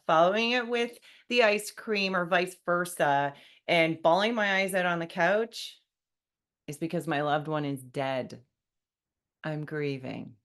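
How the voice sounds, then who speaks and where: A woman hosts a solo podcast in a wry, conversational tone, acting out what people say to her. Her voice sits low, and she takes her time with an unhurried delivery. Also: fairly bright tone. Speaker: podcast host.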